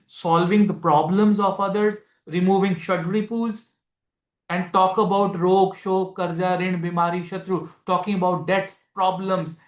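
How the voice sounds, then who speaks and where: An astrology teacher with an Indian accent giving a live class, explaining step by step, repeating key phrases and mixing Hindi into English while quizzing students. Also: mid-range voice. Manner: addresses students directly with questions. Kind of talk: live masterclass lecture. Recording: echoey room.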